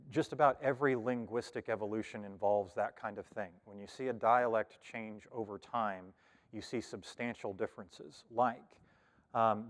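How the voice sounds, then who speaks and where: A man's voice: lowish voice, big-room sound. A man from the Cherokee Nation in Oklahoma, teaching a casual scripture lesson in a church, talking it through with lots of ums and restarts. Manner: conversational, thinks aloud with many fillers and restarts. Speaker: Bible study teacher.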